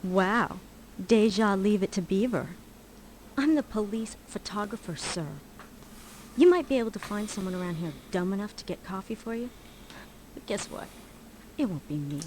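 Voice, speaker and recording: A woman's voice: medium pitch, animated, moderate pace, long pauses, darkish tone, slight background noise, close to an everyday voice. An actress playing a curt, sarcastic woman police photographer in a 1990s adventure game.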